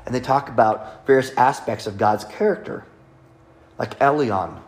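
A man's voice: medium pitch, moderate pace. Guy giving a sermon, teaching style, reads verses, cracks small jokes. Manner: teaching, reading scripture aloud, light asides. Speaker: preacher.

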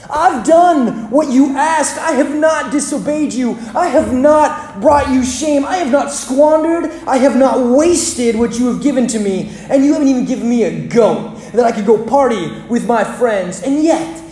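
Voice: sits high, dark tone, heavily acted. A preacher voicing a resentful, dutiful older brother who accuses his father in an indignant outburst, recorded with a roomy church echo.

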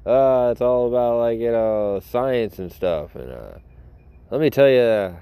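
A man's voice: mid-range voice, lively intonation, measured pace, dark tone, smooth, no echo. A man hosting a podcast, telling a rambling story in a casual way and breaking into laughter often. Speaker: podcast host.

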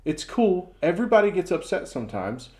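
A man's voice: high-pitched, a little fast. A middle-aged man co-hosting a casual podcast, telling an example story and acting out the quotes. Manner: storytelling with lively acted-out quotes. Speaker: podcast co-host.

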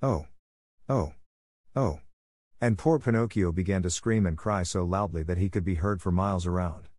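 Low-voiced man reading a storybook. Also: steady tone, a little fast, darkish tone, no echo, studio quality. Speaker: audiobook narrator. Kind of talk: storybook narration.

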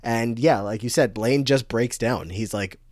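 A man's voice: mid-range voice, measured pace, no room sound. Rambling young man, dry sound. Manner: rambling, animated retelling with many fillers. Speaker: podcast co-host. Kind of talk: casual chat recapping a TV episode.

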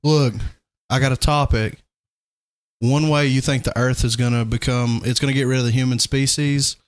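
A young man co-hosting a podcast in casual chat, easygoing, laughing often and quick to agree. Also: medium pitch, steady tone, clean tone, no echo. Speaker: podcast co-host and band member.

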